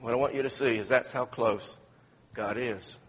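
A man's voice: medium pitch, steady tone, normal speed, fairly bright tone, husky. A man preaching a sermon in a church sanctuary, telling folksy stories with many restarts. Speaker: pastor. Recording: echoey church hall, dull lo-fi sound.

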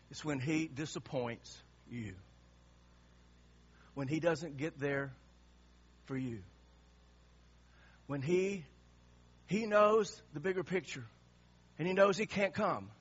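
A man's voice: a little high, slow pace, long pauses, breathy edge, muffled recording. A male pastor preaching an impassioned sermon, emphatic and repeating words for effect.

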